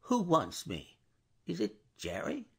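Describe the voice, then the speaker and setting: Brief: mild, slightly quavering gentleman traveler, voiced by a man, husky tone. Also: on the low side, huge pitch swings, slow pace, full character voice. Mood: nervous. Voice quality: mildly quavering. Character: mild nervous older male gentleman passenger.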